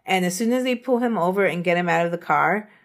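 A woman with a fairly low voice hosts a true crime podcast. She walks through the case casually, laughing often and acting out quotes. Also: fast. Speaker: podcast host.

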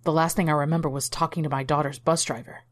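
A woman's voice: low-pitched, fairly even intonation, fast, close to an everyday voice. A woman voicing a confused, defiant father in a horror story, demanding and bewildered.

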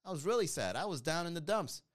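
Fast and fairly high-pitched, a podcast host on a live stream chats with his viewers. He reads comments in a teasing, jokey way, animated and putting on playful voices to mock them.

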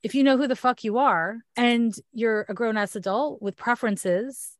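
A woman's voice: a little high, normal speed, dry recording, clean studio sound. A woman with a Canadian accent giving a frank, chatty astrology reading in a casual one-on-one talk. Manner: chatty, frank, laughs often.

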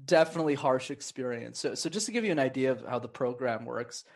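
A man's voice: mid-range voice, quick pace, vocal fry. A man guest on a podcast, giving casual advice on conversation and acting out voices of people he quotes. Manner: animated, acts out quoted voices. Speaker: podcast guest, communication coach.

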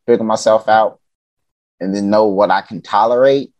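This lowish-voiced man from Chicago speaks at normal speed with no echo. As a podcast guest he tells stories in a loose, animated way, acting out what people said and swearing a bit.

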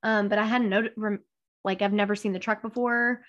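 A woman's voice: mid-range voice, fairly even intonation, brisk, highs cut off. A woman co-hosting a podcast, chatting casually, giggly and a bit hesitant. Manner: giggly, self-deprecating, hesitant. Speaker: podcast co-host. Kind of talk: casual chat.

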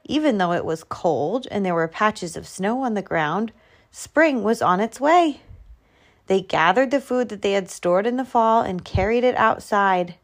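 A woman reading a children's picture book aloud, slow and expressive. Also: medium pitch. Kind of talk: storybook read-aloud.

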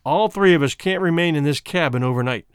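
A man voicing a grim, forceful man who speaks bluntly and threatens his rival. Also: a little high, fairly quick, clear, resonant tone, dry recording, clean studio sound, natural voice. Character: grim, forceful man defending a sick woman.

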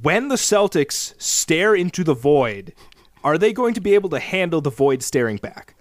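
A man co-hosting a casual basketball podcast, talking in an animated, dramatic way as he builds up his points. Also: fairly high pitch, normal speed, no room sound, clean studio sound. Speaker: podcast co-host.

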